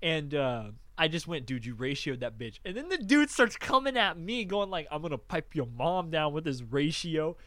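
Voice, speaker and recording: A man's voice: on the high side, moderate pace, few pauses, dry recording. A young man chatting casually as a podcast host, telling stories with lots of swearing and acting out quoted lines. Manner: animated storyteller, swears freely, acts out quotes. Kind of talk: casual chat.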